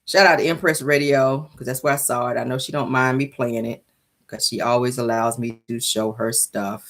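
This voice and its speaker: A woman's voice: rumbling low, steady tone, moderate pace, a bit bright. A woman hosting a casual celebrity gossip show, sassy and teasing, calling her audience honey and child. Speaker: commentary show host.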